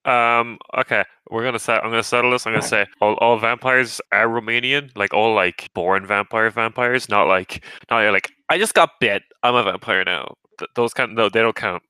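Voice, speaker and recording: A man with a fairly low but bright, forceful voice, joking and laughing through podcast banter. His tone is clear and resonant. The recording is dry and close. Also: fairly even intonation, normal speed, hardly any pauses, no echo, low-quality recording. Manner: wisecracking, laughs a lot. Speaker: podcast co-host.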